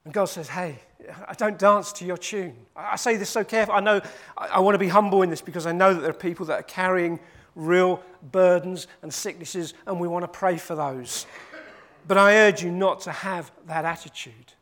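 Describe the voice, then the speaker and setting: A man's voice: high-pitched, fairly even intonation, brisk, fairly bright tone. A man preaching a sermon. He repeats his points for emphasis and acts out the quoted voices.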